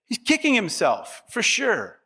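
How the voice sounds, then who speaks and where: A man's voice: sits high, wildly swooping pitch, measured pace, sharp tone, husky. A middle-aged man preaching a sermon as pastor, conversational and humorous, with asides to the congregation.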